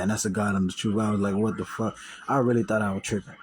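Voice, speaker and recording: A man's voice: fairly low pitch, little pitch movement, quick pace, a little hiss or hum, poor audio. A man casually telling viewers a personal story, slangy and profane, repeating and restarting himself. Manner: slangy, profane, repeats and restarts, acts out quoted voices loudly.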